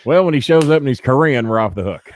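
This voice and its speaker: A man's voice: mid-range voice, animated, fast talker. A man hosting a podcast in casual chat, swearing freely and cracking jokes with frequent laughter. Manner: profane, joking, laughs often. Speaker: podcast host.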